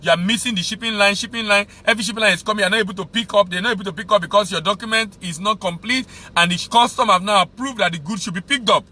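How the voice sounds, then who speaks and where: Nigerian man, trade instructor, high sharp voice, hammers points home by repeating them. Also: racing, hardly any pauses, a little hiss or hum. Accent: Nigerian English. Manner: emphatic, repeats key phrases for stress. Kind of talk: teaching talk on export business.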